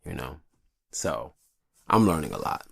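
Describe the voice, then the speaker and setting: Deep gravelly man, animated monologue. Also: a little slow, no echo, clean studio sound. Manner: profane, rambling and confessional. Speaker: podcast host. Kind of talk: casual monologue. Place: hot upstairs room.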